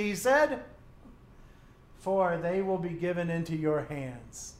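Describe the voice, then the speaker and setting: Guy preaching, higher voice, acts out the bible quotes, echoey room. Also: slow pace, pauses often. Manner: lively storytelling, acts out quotes with asides. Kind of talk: sermon, reading and retelling scripture.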